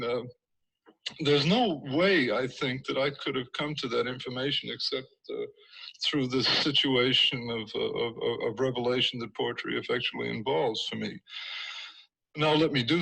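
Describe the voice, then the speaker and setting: A man giving a reflective talk on poetry in an old archival recording, halting and searching for words with many restarts. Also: mid-range voice, vocal fry, bright, forceful tone, breathy edge, rough recording. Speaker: poet speaking in an archival recording.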